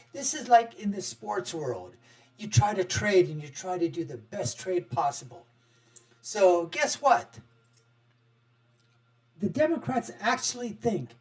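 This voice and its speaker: Animated, mocking male political host. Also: sits high, rough recording. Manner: mocking, animated, big swings from loud to quiet. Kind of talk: political commentary vlog.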